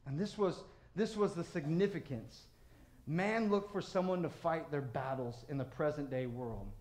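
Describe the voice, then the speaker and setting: A man preaching a sermon as pastor, moving between loud, fervent passages and low, quiet emphasis. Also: echoey room.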